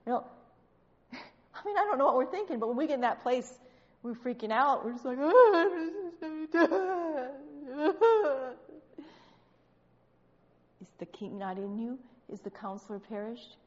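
Woman preacher firing rhetorical questions. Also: fairly high pitch. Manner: rapid-fire rhetorical questioning, teasing. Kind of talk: sermon. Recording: dull recording with long hall reverb.

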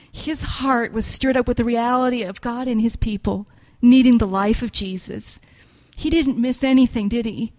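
Woman, preacher, fairly high pitch, tearful, earnest, hushed to loud. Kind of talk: emotional sermon storytelling.

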